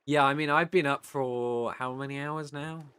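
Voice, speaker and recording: A British man talking casually to his live-stream chat in a bright, forceful voice. He sounds tired, swears freely, and turns loud and heated when he rants. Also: mid-range voice, steady tone, normal speed, clean tone, no echo. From Britain. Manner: sweary, gets loud and worked up when ranting.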